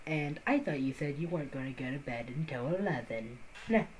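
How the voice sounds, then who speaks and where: Low, quiet monotone woman streamer. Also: a little hiss or hum, poor audio. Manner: deliberately quiet, monotone "podcast voice". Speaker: streamer making game music. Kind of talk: casual live-stream chat. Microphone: close to the microphone. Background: her own music track playing softly.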